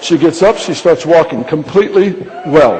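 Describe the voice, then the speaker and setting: A man's voice: a little high, normal speed. Male pastor telling a story in a reverberant hall. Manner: lively anecdotal storytelling with humor. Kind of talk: sermon storytelling. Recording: reverberant large hall with faint noise.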